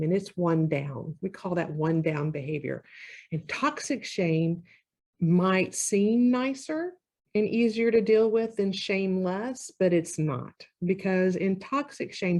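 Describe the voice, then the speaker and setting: A woman therapist giving a conversational talk on relationships, now and then acting out what partners say. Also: on the low side. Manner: conversational, acts out quoted partners with lively shifts. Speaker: marriage therapist. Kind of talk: educational talk to camera.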